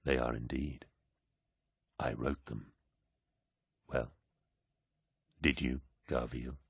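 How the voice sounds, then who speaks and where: A commanding, towering warlord with a calm, paternal hand, speaking softly and slowly, as a male audiobook narrator puts him on. The voice sits extremely deep and close, with a dry, dead sound around it. Every word is measured and low. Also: slightly rough, no room sound, heavily acted. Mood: probing. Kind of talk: audiobook character voice.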